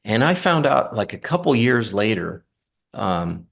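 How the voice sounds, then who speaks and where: A middle-aged man with a somewhat low voice recounts his experience in a casual, earnest way. He pauses often, restarts his sentences and fills the gaps with ums and uhs. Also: sing-song, gravelly. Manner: earnest, halting, many fillers and restarts. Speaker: near-death experience guest. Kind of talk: casual storytelling.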